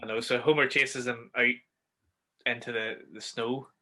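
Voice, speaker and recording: A man's voice: medium pitch, steady tone, moderate pace, bright, forceful tone. A man with a Northern Irish accent, co-hosting a casual film podcast, eagerly retelling scenes and swearing freely. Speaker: podcast co-host.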